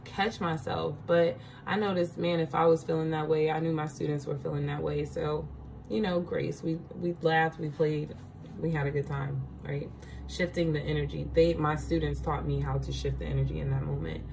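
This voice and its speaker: A woman's voice: low-pitched, normal speed, gravelly, darkish tone, a little hiss or hum, poor audio. A woman giving a casual spiritual card reading, chatty, laughing often and checking in with her listeners.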